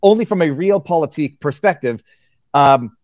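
A man's voice: on the high side, expressive, normal speed, a little mellow. A man hosting an interview, often stammering and hesitating as he tries to get a word in. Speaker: interviewer, host. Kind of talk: interview conversation.

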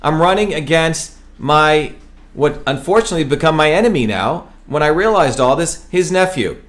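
Here the Indian office-seeker's voice is high-leaning, expressive and a bit bright, moving at normal speed. Hosting his web show, he campaigns emphatically to camera, frequently faltering and repeating words.

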